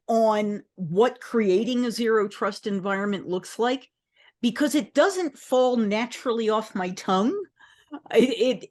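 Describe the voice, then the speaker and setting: A middle-aged woman, an industry analyst, speaking in a measured, explanatory conversational discussion. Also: a little high.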